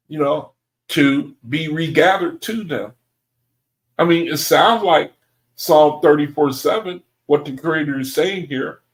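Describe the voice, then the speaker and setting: A man leading a Bible study group, reading scripture aloud and commenting on it in an excitable way, often laughing and calling the group brethren. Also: on the high side, rough recording.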